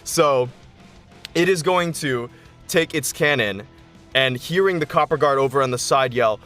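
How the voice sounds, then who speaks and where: A man narrating a tabletop game as game master, relaxed and rambling with restarts. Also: mid-range voice, measured pace, soft background music.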